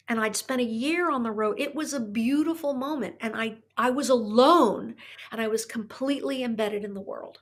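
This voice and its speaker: A woman's voice: a little high, moderate pace. An older woman, a podcast guest and artist, telling her story in a thoughtful, emotional way, often restarting her sentences. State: tearing up. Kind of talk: reflective conversational storytelling.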